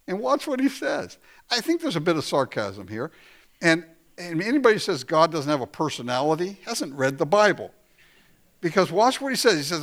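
Lively, animated male preacher. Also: on the high side, a little fast. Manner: conversational preaching with laughs and quoted asides. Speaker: pastor. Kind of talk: sermon.

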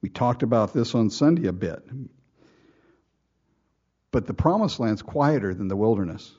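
Man preaching slowly, warm and mellow, with a folksy style and lo-fi sound. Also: on the low side, animated, breathy edge. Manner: folksy preaching with rhetorical questions and mock quotes. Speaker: pastor. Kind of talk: sermon.

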